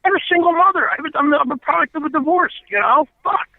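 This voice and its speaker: A high-pitched, gravelly man tells his story bluntly, swearing and pressing each point as an interview guest. The sound comes through a thin, tinny phone line, dry with no room echo. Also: expressive, fast talker. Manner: blunt, profane, emphatic storyteller. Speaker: interview guest, former pro wrestler.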